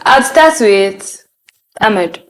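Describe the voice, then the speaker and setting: A woman with a Nigerian accent hosting a casual talk-show interview, upbeat and quick to laugh. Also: mid-range voice, expressive. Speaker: host.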